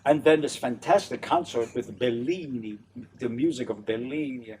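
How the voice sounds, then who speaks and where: A man's voice: medium pitch, normal speed, slight background noise. Older new orleans guy, opera tenor, chatty and laughing, kinda far from the mic. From New Orleans, USA. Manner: animated, laughing often, acts out voices. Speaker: opera tenor and stage director, interview guest. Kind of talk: casual interview chat.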